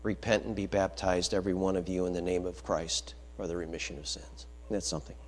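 A man preaching a sermon, emphatic, swinging between loud declarations and quiet low asides. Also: level tone, fast, a little hiss or hum.

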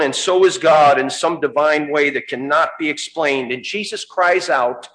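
A man preaching a sermon, dramatic, rising to fervent cries at the high points. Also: moderate pace, few pauses, fairly bright tone, reverberant.

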